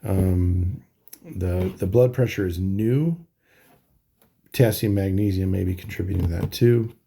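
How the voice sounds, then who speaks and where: A middle-aged man talking casually in a halting video diary, tired and full of ums and restarts. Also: sits low, gravelly, warm tone, slight background noise. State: tired, yawning. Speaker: vlogger.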